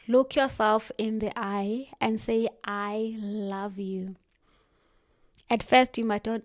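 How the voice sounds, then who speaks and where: A woman giving a motivational self-help talk, earnest and direct, slowing down for firm emphasis. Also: on the high side, no echo, studio quality.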